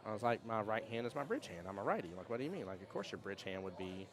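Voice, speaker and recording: Over crowd noise, a man with a lowish, sing-song voice hosts a pool tournament stream. He chats casually and reads out live viewer comments, telling rambling stories fast, with restarts and laughs.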